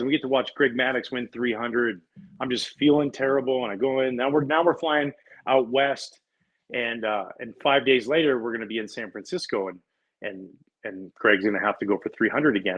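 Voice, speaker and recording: A middle-aged man from Canada, a former pitcher, chatting as a guest and telling stories with lively laughs and quick restarts. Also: dull audio. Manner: animated storyteller, laughs often, restarts words. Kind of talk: casual interview chat, storytelling.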